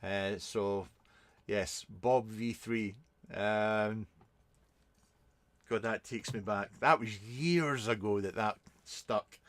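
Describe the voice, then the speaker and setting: A man's voice: fairly low pitch, takes it slowly, a bit bright, no room sound. A man, a reviewer hosting a casual live stream, answering viewers in a rambling, chatty way with many ums and restarts.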